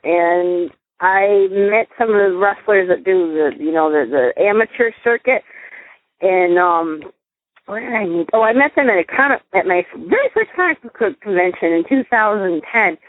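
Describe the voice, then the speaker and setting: A woman's voice: mid-range voice, no room sound. Casting note: chatty New York woman calling in, dry and tinny phone line. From upstate New York. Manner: chatty, rambling storyteller. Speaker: caller. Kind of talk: casual chat.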